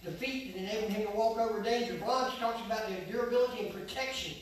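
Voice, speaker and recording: A man's voice: sits high, quick pace. Older male pastor, folksy sermon, distant mic in a reverberant sanctuary with faint noise. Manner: folksy preaching, swings from soft to loud. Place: church sanctuary. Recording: echoey church from far off.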